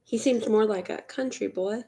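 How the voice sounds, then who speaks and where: A woman's voice: a little high, moderate pace, vocal fry, warm tone. A woman from Mississippi with a Southern accent, chatting casually and rambling while she beads on a livestream. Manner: rambling, offhand, swears casually. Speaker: livestream host. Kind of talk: casual chat while beading.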